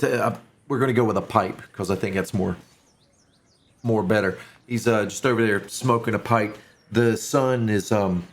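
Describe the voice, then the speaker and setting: A man narrating a tabletop game as game master, loose and self-mocking, with many fillers. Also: mid-range voice.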